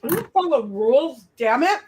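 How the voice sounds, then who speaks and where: A woman's voice: sits high, sing-song, normal speed, a little mellow, a little hiss or hum. A woman hosting a livestream in casual, rambling chat, talking while she eats. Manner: rambling, chatty, talks while eating. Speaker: livestream host.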